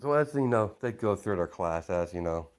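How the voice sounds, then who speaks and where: A man's voice: deep voice, animated, moderate pace, smooth. A young man improvising a fan-fiction story aloud, rambling with constant fillers.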